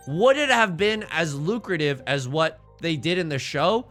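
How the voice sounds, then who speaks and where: A man's voice: on the high side, expressive, moderate pace, hardly any pauses, fairly bright tone, faint music behind. A man streaming a game live, rambling and joking with his chat between plays. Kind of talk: live-stream gameplay commentary.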